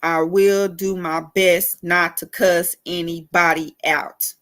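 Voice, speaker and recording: A woman's voice: on the low side, little pitch movement, slow, few pauses, fairly bright tone. A woman urban farmer ranting in a casual vlog, emphatic and repetitive, cussing freely.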